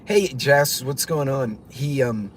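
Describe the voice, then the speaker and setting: On his own channel, a man with a medium-pitched, expressive voice tells a story slowly, with slight background noise. His telling is casual and rambling, full of fillers and restarts, and he acts out other people's voices as he retells it.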